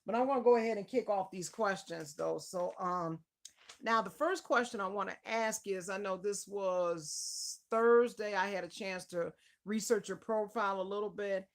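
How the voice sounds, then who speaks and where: Waiting for her casual at-home live stream interview to begin, a woman calls out her regulars by name with warm, effusive enthusiasm. Her mid-range voice moves at a moderate pace.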